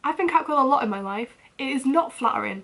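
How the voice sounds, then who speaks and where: A woman's voice: sits high, animated, fast, creaky, a bit bright. A young woman telling a story to her camera in a rambling, casual rant, often breaking into nervous laughs. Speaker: vlogger.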